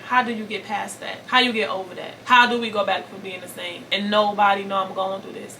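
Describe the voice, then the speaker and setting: A woman's voice: mid-range voice, sharp tone, far from the mic, slight background noise. A woman in her forties telling an emotional personal story to her viewers, earnest and repetitive, often calling them y'all. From Brooklyn, New York. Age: 40s. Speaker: vlogger.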